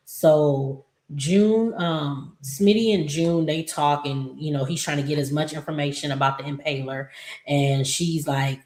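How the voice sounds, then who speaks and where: Female recap host, low voice, chatty and exasperated, casual talk, roomy echo. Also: moderate pace, a little mellow. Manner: chatty, exasperated asides to characters. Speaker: soap opera recap host.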